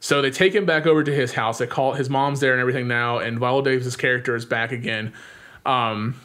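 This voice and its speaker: Young adult man, podcast co-host, casual movie recap, middle pitch, animated, lots of filler words. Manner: animated retelling with frequent "like" fillers and quick acted-out lines.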